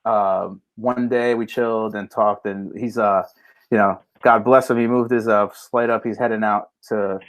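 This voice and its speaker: Low-voiced guy rambling on a podcast, lots of "like" and cussing. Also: fairly even intonation, moderate pace. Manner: rambling, loose, swears freely. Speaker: podcast co-host. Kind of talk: casual chat. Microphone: remote call setup.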